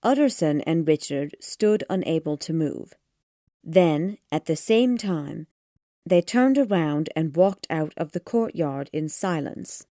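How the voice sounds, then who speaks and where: A woman narrating an audiobook of a classic gothic tale in a steady storytelling manner. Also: low voice, slow, no room sound, studio quality.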